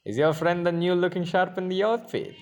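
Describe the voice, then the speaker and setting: A man voicing a gruff, joking middle-aged fishmonger with a put-on accent. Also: high voice, a little fast, soft background music, voice pushed up. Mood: gruff ribbing. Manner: put-on accent, playful ribbing. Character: gruff mustachioed male fishmonger, jokey.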